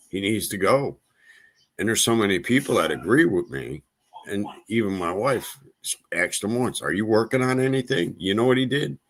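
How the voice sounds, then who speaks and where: Low-ish voiced guy ranting on his livestream, fed up, says stuff twice. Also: a bit bright. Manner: exasperated, repeats himself for emphasis. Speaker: livestream host. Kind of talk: casual livestream monologue.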